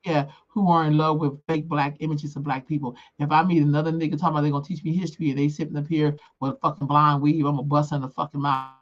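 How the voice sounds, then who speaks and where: An older woman co-hosting a casual chat, outspoken and emphatic, moving between calm reflection and heated rants. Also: sits low, fast talker, hardly any pauses, muffled recording. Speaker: co-host.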